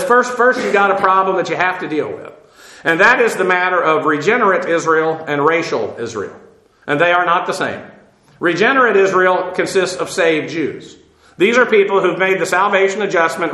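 Bright-voiced man teaching Bible in an echoey room. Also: sits high. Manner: spells out Greek words letter by letter, many fillers.

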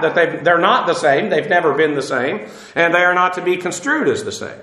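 A man's voice: sits high, a bit bright, roomy sound, low-quality recording. A man giving a verse-by-verse Bible lesson, explaining Greek words and spelling them out letter by letter with frequent "uh" fillers. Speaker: pastor teaching the Bible.

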